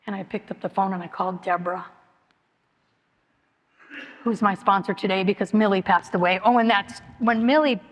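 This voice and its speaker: A woman's voice: medium pitch, fairly even intonation, normal speed, pauses often. A middle-aged woman giving a personal testimony at a recovery meeting, telling her story in an earnest, repetitive, emotionally open way. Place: meeting hall. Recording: long hall reverb.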